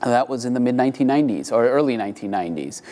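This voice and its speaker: A man's voice: mid-range voice, expressive, very fast, warm tone. A man answering interview questions about animal shelters in an earnest way, with many fillers and restarts.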